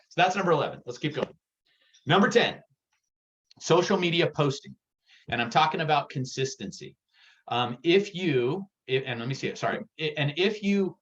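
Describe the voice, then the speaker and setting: Excitable man coaching a sales workshop. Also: a little high. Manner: energetic, excitable, punchy and direct. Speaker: real estate sales coach. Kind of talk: workshop presentation. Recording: dull lo-fi recording.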